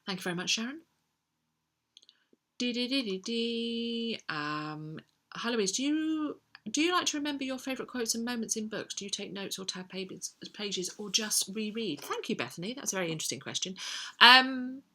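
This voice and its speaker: Bright-toned woman chatting casually. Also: on the high side, animated, fairly quick. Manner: chatty, thinks aloud with many ums. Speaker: book vlogger answering viewer questions. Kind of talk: casual chat.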